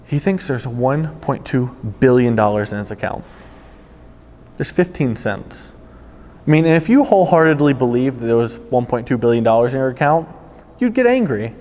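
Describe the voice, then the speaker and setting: Male storyteller, former car salesman, animated delivery, ordinary middle register, recorded with long reverb. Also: medium pitch, normal speed. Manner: animated storytelling, voices quoted people. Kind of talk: casual spoken anecdote.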